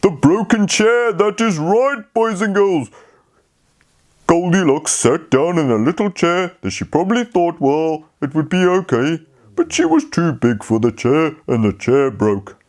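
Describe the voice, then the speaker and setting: A man telling a fairy tale to children, speaking slowly and talking to them directly. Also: a little high. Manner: slow, lively, talks to the children. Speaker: storyteller. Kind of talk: children's storytelling.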